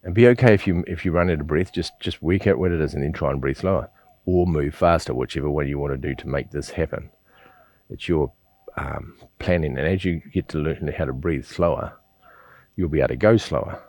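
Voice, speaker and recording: A man with a very low, deep voice guides students through a slow breathing exercise. He coaches patiently and repeats himself, often checking in with a quick "yeah?". The sound is dry and close, with no room echo. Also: darkish tone. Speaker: qigong teacher.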